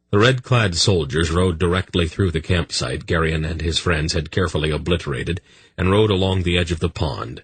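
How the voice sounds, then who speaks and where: A man narrating an audiobook in a steady, measured way. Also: deep voice, husky, no echo. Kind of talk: scripted narration.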